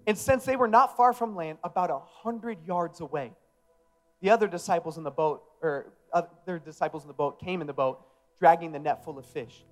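A male pastor preaching a sermon in a casual, emphatic way that builds to loud passion. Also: fairly high pitch, moderate pace, soft background music.

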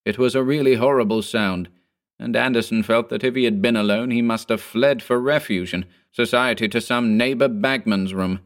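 A man reading a ghost story aloud in a measured, grave manner. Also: medium pitch. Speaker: narrator. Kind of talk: scripted ghost story narration.

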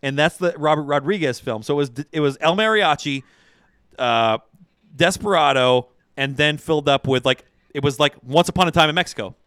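A man's voice: fairly high pitch, fairly quick, fairly bright tone, smooth, no room sound, studio quality. A man chatting casually on a podcast, correcting friends and often restarting his sentences. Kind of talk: casual chat.

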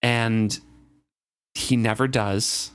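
A man's voice: medium pitch, steady tone, extremely slow, a bit bright, clear, resonant tone. A man co-hosting a casual book discussion, reading passages and thoughtfully explaining the plot.

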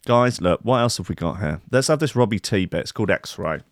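A man's voice: fairly low pitch, lively intonation, brisk, background noise. A man telling a long comic story to his listeners, rambling through profane, self-mocking asides.

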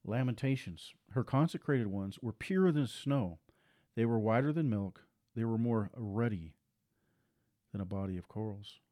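A man preaching a sermon with forceful repetition, his voice climbing higher and louder as he presses his points. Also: expressive, normal speed.

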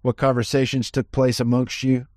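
A man's voice: mid-range voice, monotone, normal speed, darkish tone, no room sound, clean studio sound. Inquisitive male host asking questions. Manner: inquisitive, prompting. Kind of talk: interview questions.

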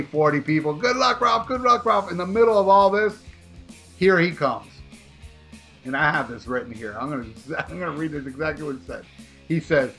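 Podcast co-host, man, rambling and profane, bright forceful tone, slightly high voice, faint music behind. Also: creaky. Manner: animated, profane, rambling with restarts. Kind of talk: casual podcast storytelling.

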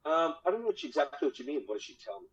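A marriage coach appears as a podcast guest, talking about marriage casually and energetically, swearing freely and repeating words. His voice is fairly high and bright, sing-song and rapid-fire. The audio is dull and lo-fi with faint music.

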